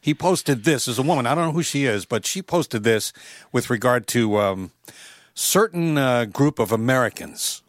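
A man in casual talk introducing clips in a matter-of-fact, sardonic way. His pitch is middling and the sound is dry and close. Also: expressive, moderate pace, no room sound. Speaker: co-host. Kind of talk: casual political chat.

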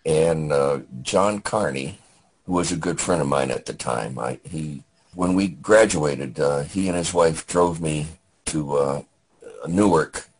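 An older man with an extremely deep, husky voice recounts his wartime memories. He speaks plainly and haltingly, often restarting a sentence before he finds his way through the story. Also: low-quality recording. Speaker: veteran guest.

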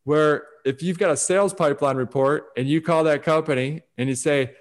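A man giving conversational advice on focus as a guest, animated and acting out quoted voices as he talks. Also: fairly high pitch, moderate pace. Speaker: guest speaker on focus and success.

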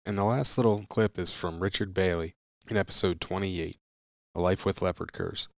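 A man hosting a podcast, giving plain, steady introductions. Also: sits low, moderate pace, vocal fry, no echo, clean studio sound. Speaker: podcast host.

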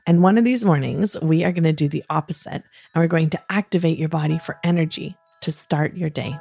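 A woman hosting a children's bedtime podcast, talking in a soft, soothing, gentle way. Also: deep voice, creaky, soft background music. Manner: soft, slow, soothing, playfully acts out yawns. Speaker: host of a kids bedtime podcast.

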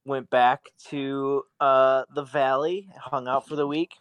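A young man co-hosting a casual podcast, talking in a relaxed, laid-back way about his week. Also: medium pitch, takes it slowly, smooth, dry recording, highs cut off. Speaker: podcast co-host. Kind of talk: casual chat.

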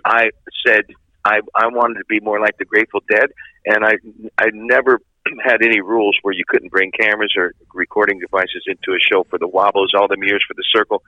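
A man's voice: sharp tone, dry recording, lo-fi sound. A man guesting on a radio show, telling loose stories and mimicking others. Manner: loose storyteller, mimics others in high voices. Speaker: rock singer guest. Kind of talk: casual interview chat.

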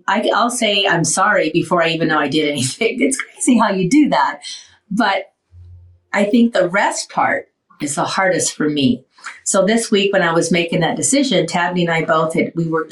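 A woman's voice: on the low side, echoey room, recorded from a distance, poor audio. A woman in her sixties hosting a casual radio talk show, emotional and rambling, getting short of breath as she talks. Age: 60s.

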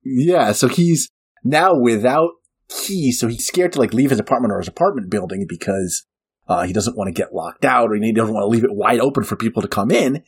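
A man co-hosting a film podcast, retelling the plot in casual, animated chat and often laughing. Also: medium pitch, fairly quick, slightly rough. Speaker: podcast co-host.

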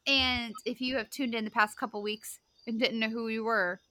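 A woman co-hosting a podcast in casual chat, playful and quick to laugh. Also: on the high side, fairly even intonation, bright, forceful tone, dry recording. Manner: playful, laughs often, tries silly accents. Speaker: podcast co-host.

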